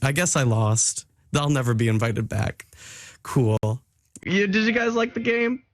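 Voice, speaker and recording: A man's voice: fairly high pitch, measured pace, no room sound. A young American man in his twenties hosting a radio show in a studio, playful and giggly. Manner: giggly and playful, animated swings. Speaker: radio host. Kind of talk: lively radio presenting. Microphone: studio microphone.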